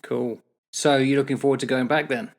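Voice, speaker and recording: An older man leads a casual conversation, asking easygoing questions and giving short replies. His pitch is ordinary and mid-range. The tone stays calm and conversational throughout. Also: a little fast, creaky. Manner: relaxed interviewer with brief prompts. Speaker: podcast host. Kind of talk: casual chat.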